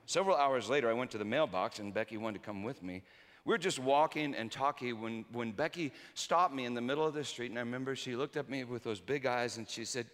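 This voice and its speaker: A man preaching a sermon through personal stories, swinging between loud emphasis and hushed quiet. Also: mid-range voice, fast. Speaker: pastor. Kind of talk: storytelling sermon. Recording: reverberant hall.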